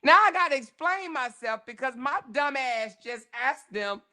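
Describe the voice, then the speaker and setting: A woman hosting a casual livestream, reading chat comments aloud and reacting with frequent laughter and animated, slangy talk. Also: high voice, moderate pace. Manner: animated, laughs often, African American Vernacular English.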